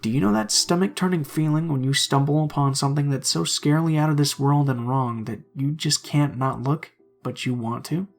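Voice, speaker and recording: A man reading true horror stories aloud in a hushed, suspenseful narrating voice. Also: fairly high pitch, fairly quick, gravelly, hardly any pauses, soft background music.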